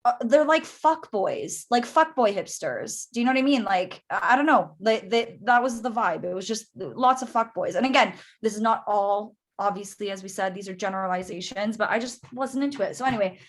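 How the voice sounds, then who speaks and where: A woman's voice: mid-range voice, expressive, brisk, few pauses. Woman, young adult, from Canada, casual chat, chatty, lots of fillers. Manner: chatty, many fillers, acts out quotes. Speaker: guest.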